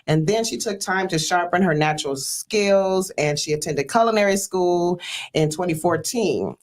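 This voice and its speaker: A woman from Detroit hosting a talk show, telling stories in an earnest, emotional way with many fillers. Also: fairly low pitch. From Detroit, USA. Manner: earnest, storytelling, with frequent fillers; exclaims praise like a church greeting. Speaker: host.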